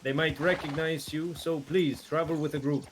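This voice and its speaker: A man in character as a gang member gives calm, businesslike instructions. His voice sits a little high. He comes through game voice chat with noticeable background noise. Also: normal speed. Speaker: role-play player, gang member. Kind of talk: in-character role-play.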